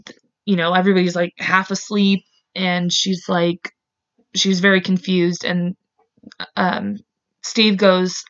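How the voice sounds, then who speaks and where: This podcast host speaks slowly in a level, lowish voice, leaving long pauses as she casually retells a true-crime story. Her talk is packed with "like," she curses when she gets angry, and the audio has a dull lo-fi quality.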